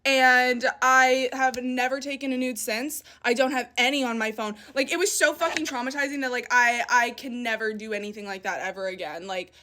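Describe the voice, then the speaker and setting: A young woman with a high voice tells a story from her own life in a casual, animated way. She swears freely and sounds indignant. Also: normal speed, few pauses.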